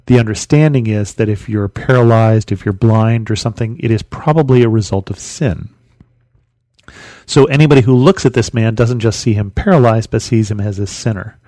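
A man's voice: on the low side, normal speed, mellow, no echo. A man hosting a podcast, teaching through a Bible story in a conversational, storytelling way with rhetorical questions.

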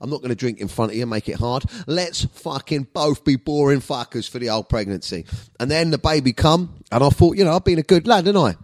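A man's voice: medium pitch, animated, fairly quick, no room sound, studio quality. A man, hosting his comedy podcast in a sweary, boisterous monologue.

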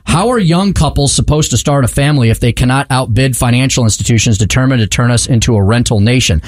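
A man hosting a political talk radio show in a studio, talking in a brisk, emphatic way. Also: mid-range voice, darkish tone, dry recording. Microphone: studio microphone.

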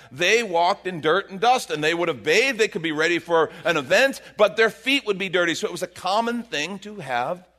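Male pastor, middle-aged, bright forceful tone, lively delivery, conversational sermon. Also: on the high side. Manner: animated, conversational preaching with acted-out quotes.

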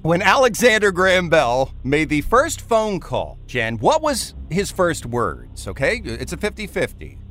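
A male morning radio co-host with a somewhat high, very animated voice. He reads contest announcements and hosts an on-air quiz, joking and teasing as he goes. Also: unhurried, few pauses. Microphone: studio microphone.

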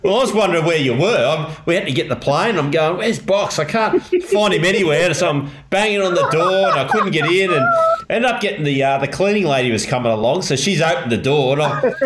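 Lively man over loud noise. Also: on the high side, fast talker, echoey room. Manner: laughing along, chiming in. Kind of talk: casual chat.

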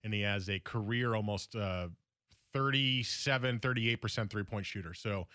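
A man's voice: fairly low pitch, pushed and bright, no room sound, studio quality. A man hosting a sports radio show, talking through basketball news in a conversational way. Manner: conversational, analytical, with fillers.

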